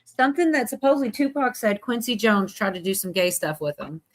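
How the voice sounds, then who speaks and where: Livestream host, woman, mid pitch, rambling casual chatter, laughs a lot. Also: expressive, fairly quick. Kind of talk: casual chat.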